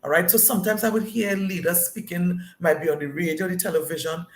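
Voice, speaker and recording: A woman's voice: fairly low pitch, fairly even intonation, quick pace, echoey room. A woman teaching a leadership lesson, emphatic and often checking in with her listeners. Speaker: leadership coach.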